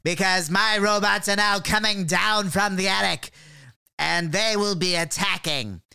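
A man's voice: high-pitched, measured pace, gravelly, pushed and bright, smooth, no room sound, studio quality. A man playing a smug male mad scientist in an improvised comedy sketch. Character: male mad scientist Terry with nine fingers. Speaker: co-host playing a character. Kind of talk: improvised comedy role-play.

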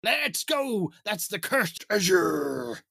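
A man's voice: high voice, sing-song, slow pace, vocal fry, bright, forceful tone, slightly rough, no room sound, studio quality, heavily acted. A man putting on a hammy pirate captain voice, growling "arr" as he reads out a list. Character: gruff male pirate captain reading a store list. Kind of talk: goofy pirate voice bit.

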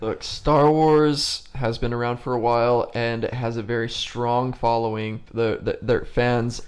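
A man in a casual film discussion, relaxed and quick to chuckle. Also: mid-range voice, clear, resonant tone. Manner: laid-back, chuckling often.

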